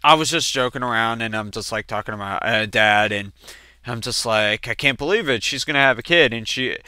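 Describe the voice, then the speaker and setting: A man of twenty doing casual let's-play gameplay commentary, chatting and telling family stories in which he acts out quoted relatives with sudden jumps in pitch. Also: a little fast, sharp tone, clear, resonant tone, dry recording, clean studio sound. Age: 20s.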